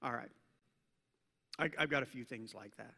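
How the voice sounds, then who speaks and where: A man preaching a sermon to a congregation, talking conversationally and joking with the room, swinging between loud emphasis and hushed intensity. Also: medium pitch, normal speed, creaky. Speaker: pastor. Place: church service with a congregation. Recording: long church reverb.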